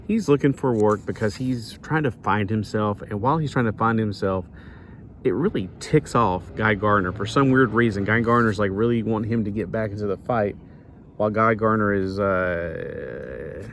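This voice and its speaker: A man with a fairly low voice talks through a comic review in a loose, rambling way. He wanders off topic and catches himself. Faint wind noise drifts behind him outdoors. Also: moderate pace. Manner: meandering, loses his place and corrects himself. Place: outdoors near the beach.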